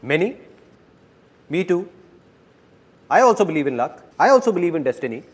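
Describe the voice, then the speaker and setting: Speaking at normal speed with a fairly high, slightly rough voice, a man delivers a dubbed motivational seminar. He engages the crowd playfully and with lots of energy.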